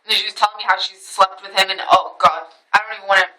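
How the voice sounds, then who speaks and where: A woman's voice: medium pitch, level tone, fast, bright, forceful tone, low-quality recording. A woman vlogger telling a story in a casual monologue, emphatic and full of retold dialogue. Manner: emphatic, retells conversations with quoted dialogue.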